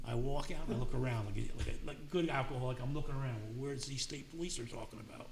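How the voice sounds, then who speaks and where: Gravelly older man telling his story. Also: mid-range voice, expressive, fast, slight background noise. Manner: plainspoken, acts out quoted voices. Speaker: speaker sharing his recovery story. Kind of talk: personal storytelling at a meeting.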